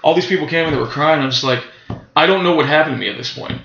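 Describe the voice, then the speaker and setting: A man with a gravelly, fried edge to his voice tells an animated story in casual conversation. He keeps asking his listeners to follow along as he talks. The recording is roomy and a bit dull. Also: fairly high pitch, very fast, a little hiss or hum. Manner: animated storyteller, checks in with "right?" and "bro". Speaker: guest, professional wrestler.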